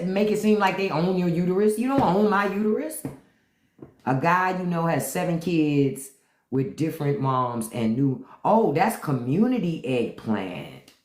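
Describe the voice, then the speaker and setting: Middle-aged woman host, lively swooping delivery, low voice, blunt and profane, in an echoey room. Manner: blunt, profane, animated storytelling. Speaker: host of a live stream. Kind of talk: casual live-stream chat with viewers.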